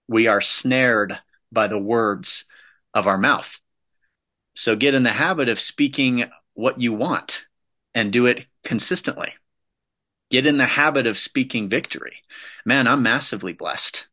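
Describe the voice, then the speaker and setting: A man's voice: mid-range voice, unhurried, bright, forceful tone. A man giving a motivational talk, emphatic and punchy, hammering points home with repeated phrases. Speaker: motivational speaker.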